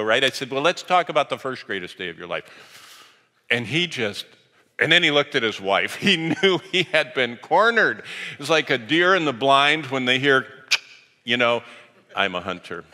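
A man preaching, telling a story in an animated way that swings from loud to hushed, and reading scripture aloud. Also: fairly low pitch. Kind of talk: storytelling sermon. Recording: long hall reverb.

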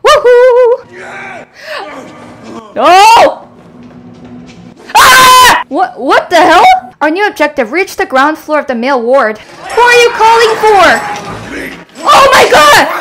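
A young woman with a very high voice comments on a horror game, her pitch swinging widely as she talks slowly and pauses often. She screams and shrieks at the scares and playfully taunts the monsters. Her voice sits over loud game music in a very noisy recording.

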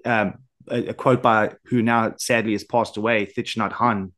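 A man's voice: lowish voice, steady tone, moderate pace, fairly bright tone. A man with a South African accent, hosting a podcast in casual conversation. He talks in a thoughtful, reflective way. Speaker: podcast host.

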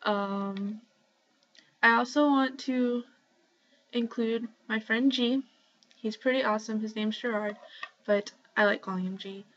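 A young woman at home talking casually to her camera in a rambling shoutout vlog, full of ums and likes. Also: on the high side, steady tone, a little slow, long pauses. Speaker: vlogger. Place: home, indoors. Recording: slightly dull lo-fi webcam audio.

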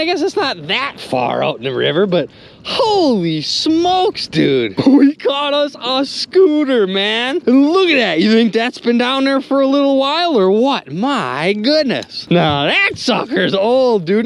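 Man, excitable outdoor vlog host, lively swooping pitch, boat and water noise behind. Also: gravelly. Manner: excitable, exclaims often, talks straight to viewers. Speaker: magnet fishing host.

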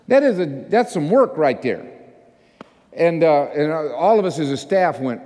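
A man pastor telling a story in a sermon, animated and self-mocking, acting out the people in it. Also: fairly high pitch, moderate pace. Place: church sanctuary. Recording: long church hall reverb.

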